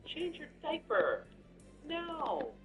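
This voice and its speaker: A man's voice: extremely high pitch, huge pitch swings, extremely slow, dull audio, pitched above the performer's own voice, heavily acted. A man voicing a young new mother, tired but playful and teasing her husband. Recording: distant mic with background music.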